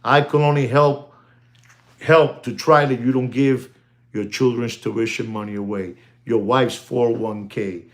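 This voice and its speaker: A middle-aged man giving casual, animated commentary on the watch market, peppering his talk with "you know" and the odd Spanish phrase. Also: mid-range voice, a little slow. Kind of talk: casual talking-to-camera commentary.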